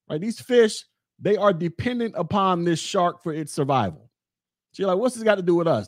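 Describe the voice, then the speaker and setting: A man's voice: high-pitched, dry recording, studio quality. A man hosting a podcast, talking in a blunt, rambling way straight to his listeners. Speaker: podcast host. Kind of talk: casual monologue podcast.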